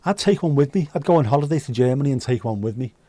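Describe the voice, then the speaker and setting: A man's voice: mid-range voice, expressive, racing, warm tone, no echo. A man hosting a livestream, chatting casually and reading out viewer comments with rambling, dry joking asides. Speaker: livestream host.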